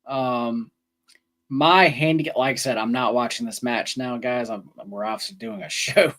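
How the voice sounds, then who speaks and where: A man who co-hosts a sports betting podcast and talks through bets in a loose, rambling way. His voice sits at an average pitch for a man, and he often restarts his sentences. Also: expressive, normal speed, a bit bright. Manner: casual, rambling, many ums and restarts. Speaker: co-host.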